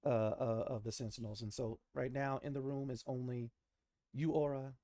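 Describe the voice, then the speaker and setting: A man's voice: mid-range voice, steady tone, normal speed, warm tone, no room sound, studio quality. A man narrating as game master of a tabletop game, casual, laughing, with many fillers.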